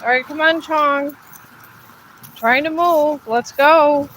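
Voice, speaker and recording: A woman's voice: sits high, slow, fairly bright tone, a little hiss or hum, low-quality recording. A woman livestreaming her dog walk, tired and grumbling as she coaxes her dog up the hills. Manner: weary, grumbling, coaxing her dog along. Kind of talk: casual live vlog. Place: outdoors on a hilly street walk.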